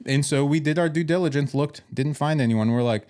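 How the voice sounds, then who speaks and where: A man's voice: a little high, a little fast, hardly any pauses, darkish tone, clear, resonant tone, no echo, studio quality. A man hosting a casual podcast, telling paramedic stories and acting out the dialogue with swearing. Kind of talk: casual storytelling chat.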